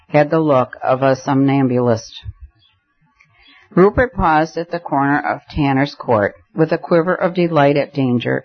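A man narrating a story aloud in a measured, even storytelling voice. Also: fairly high pitch, highs cut off. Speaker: audiobook narrator. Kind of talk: scripted narration.

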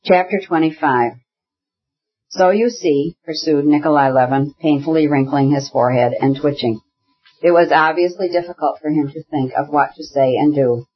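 A man narrating a classic novel in a measured, even storytelling manner. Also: fairly high pitch, husky, highs cut off. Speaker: audiobook narrator.

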